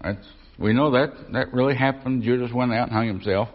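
A man's voice: medium pitch, a little fast. A man preaching a conversational Bible lesson, folksy, repeating himself and asking the room questions. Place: church or Bible class. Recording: dull lo-fi recording.

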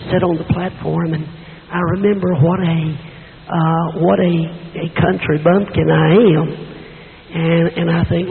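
A middle-aged man preaching a sermon in a church with a hoarse, weak voice, telling folksy stories with self-deprecating asides. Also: a little high. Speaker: visiting preacher. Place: church sanctuary. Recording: tinny echoey church recording with hiss.

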